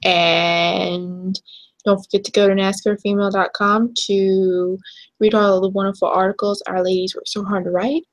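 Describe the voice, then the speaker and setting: A young woman co-hosting a casual chat show, chatty and quick to laugh. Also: mid-range voice, level tone. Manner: chatty, laughs easily, trails off and restarts. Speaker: podcast co-host.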